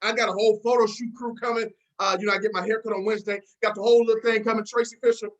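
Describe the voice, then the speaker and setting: A woman leads a team video call with a fired-up motivational pep talk, repeating herself and calling listeners out by name. Her slightly high voice races along with a flat delivery, and the recording is muffled.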